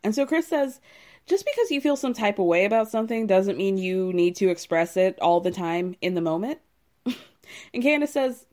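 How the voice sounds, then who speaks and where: A woman's voice: mid-range voice, lively intonation, normal speed, darkish tone. A woman hosts a casual recap podcast on her own. She talks with sassy, wry asides and teasing remarks throughout. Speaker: podcast host recapping reality TV.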